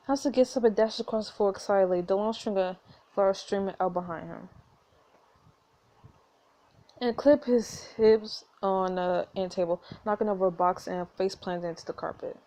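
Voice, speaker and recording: A woman's voice: medium pitch, brisk. A woman reading a story game aloud, breaking off into giggly commentary between passages. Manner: lively, giggly asides between read passages. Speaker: game playthrough narrator.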